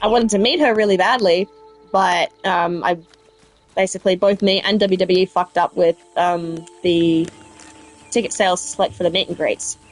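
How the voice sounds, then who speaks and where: Over soft background music, a South Australian woman with a fairly low pitch and steady tone chats casually with viewers at normal speed while playing, a let's play streamer rambling and answering live chat.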